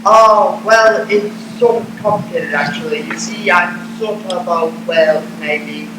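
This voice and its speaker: A man's voice: high-pitched, unhurried. Harry Potter, a man playing him on a stage. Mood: earnest. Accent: British. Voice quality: hesitant, stumbling, shy. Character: young male wizard, awkward and earnest. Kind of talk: live stage parody. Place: convention room, stage. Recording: echoey hall, noisy live audience room.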